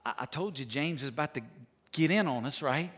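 High, bright-voiced male pastor preaching. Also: brisk. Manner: emphatic preaching, swings from loud to hushed; joking asides with the congregation. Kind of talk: sermon.

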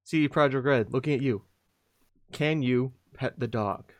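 A man co-hosting a live stream, chatting casually in a jokey, animated way. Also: mid-range voice, no echo. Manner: jokey, animated, quick to laugh. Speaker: stream co-host. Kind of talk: casual chat.

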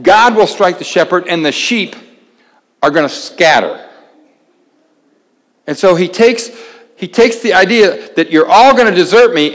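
A man preaching a sermon with a slightly raised pitch, talking to the congregation like a conversation. He slows down and drops almost to a hush to make a point. His voice rings with the long reverb of a big hall. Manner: conversational, dramatic pauses, drops to near-whisper for emphasis.

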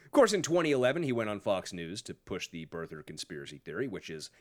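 A man's voice: deep voice, big pitch swings, fast talker. A man hosting a podcast, giving sarcastic, profane political commentary in a mocking tone. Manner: sarcastic, swears a lot, mocking. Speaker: podcast host.

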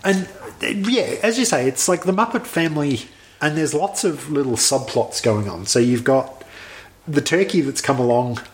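A man's voice: fairly high pitch, animated, moderate pace. A man co-hosting a podcast, chatting in an easygoing way and recounting scenes with amused asides. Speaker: podcast co-host reviewing a film. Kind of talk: casual conversational review.

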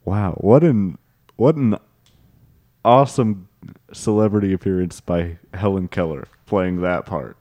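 A man's voice: sits low, unhurried, warm tone. A man playing an earnest improv student in a comedy sketch, drawling his words.

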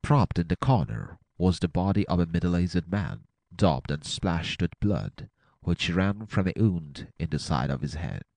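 A man narrates an adventure audiobook with a dramatic, expressive reading. His voice is very low and gravelly, swinging widely in pitch. The recording is dry and close. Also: a little slow, no room sound.

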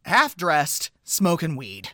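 A woman's voice: low voice, huge pitch swings, takes it slowly, sharp tone, dry recording, studio quality. A woman co-hosting a podcast who chats casually about a movie and reacts to it with strong opinions. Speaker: podcast co-host. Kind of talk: casual movie recap chat.

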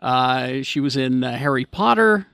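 A man's voice: medium pitch, expressive, a little slow, vocal fry, a bit bright, clean tone, no echo, studio quality. A man hosting a casual podcast chat, joking and laughing easily with his co-hosts. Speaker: radio host.

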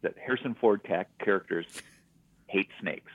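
A man with a very deep voice walks through a film's plot in a relaxed, chatty podcast manner. His audio is narrow and phone-like. The sound is dry and close. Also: normal speed, no room sound. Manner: relaxed, storytelling, recapping plot. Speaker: podcast co-host. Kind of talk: casual movie recap chat.

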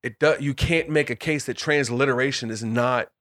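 A man of middle pitch talks through scripture with a small group in a loose, chatty way. He circles back on his words, restarts sentences and laughs easily while he explains. The sound is close and dry, with almost no room around it. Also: moderate pace, a bit bright, no room sound. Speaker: Bible study leader. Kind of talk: casual group Bible discussion.

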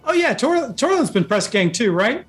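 High-voiced man running a tabletop game. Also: sing-song, moderate pace, faint music behind. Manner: rambling, filler-heavy narration. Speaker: game master.

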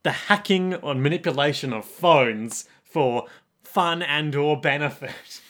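A man co-hosting a casual podcast chat about an anime, with a dry, wry deadpan delivery. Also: on the high side, a little slow. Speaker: podcast co-host.

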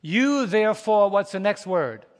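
A male pastor preaching a sermon, folksy and animated, calling out to the congregation and laughing between stories. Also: high voice, measured pace, long reverb tail. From United States. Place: church sanctuary.

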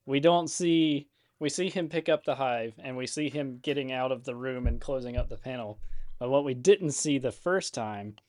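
Regular player: easygoing man, mid pitch, storytelling chat. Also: normal speed, darkish tone, no echo. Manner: storytelling, laughing. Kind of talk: casual tabletop game chat.

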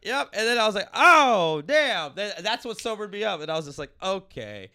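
A man in his thirties from Los Angeles, a comedian hosting a podcast, telling a rambling story with animated energy and laughing as he goes. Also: high voice, rapid-fire, very noisy. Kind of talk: casual storytelling chat.

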